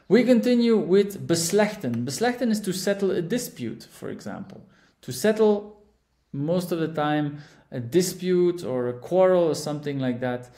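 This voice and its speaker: A man with a fairly high, mellow voice, heard with noticeable reverb, teaches a vocabulary lesson as a language teacher. He drills the words emphatically, stressing each one and checking in often with "all right?"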